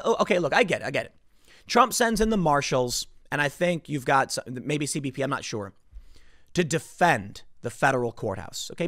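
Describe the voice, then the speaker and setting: A man's voice: fairly high pitch, no room sound. Guy ranting about the news, voice swings up and down a lot, dry close sound. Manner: emphatic, lively, exasperated. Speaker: political commentary host. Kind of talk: casual political commentary.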